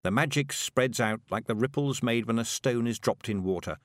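A male audiobook narrator reads a scripted book in an expressive, storytelling manner. His mid-range voice moves at a normal speed, with a dry recording and clean studio sound.

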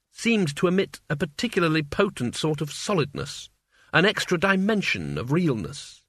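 A man narrating a story aloud in an expressive, wry reading. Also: fairly high pitch, dry recording, studio quality. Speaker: audiobook reader. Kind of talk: scripted narration.

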